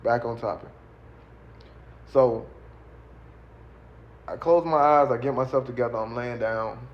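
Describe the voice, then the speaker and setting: A man's voice: medium pitch, a little slow. Man telling a rambling street story. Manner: rambling, slangy, rises when retelling his pleas. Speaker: shooting survivor telling his story. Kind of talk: casual storytelling. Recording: dull lo-fi video clip.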